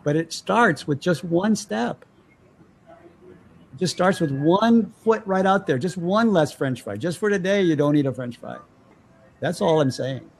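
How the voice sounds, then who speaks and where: A man's voice: fairly high pitch, measured pace, creaky. A man as an interview guest, chatting casually and acting out the voices of people in his stories. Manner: animated storyteller acting out voices.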